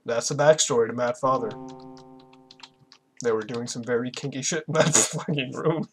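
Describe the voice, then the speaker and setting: A young man hosting a let's play, giving casual, profane commentary and reacting loudly to the game. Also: medium pitch, moderate pace.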